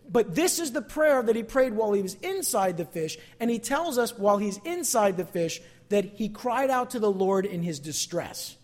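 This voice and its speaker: A pastor preaching a sermon to a congregation in an animated way. The pastor acts out quoted lines in dramatic voices and repeats words while building a point. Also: mid-range voice.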